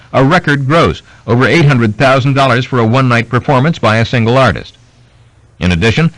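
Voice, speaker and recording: A man reading a biography aloud as an audiobook narrator, in steady scripted narration. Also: mid-range voice, no room sound, poor audio. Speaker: audiobook reader.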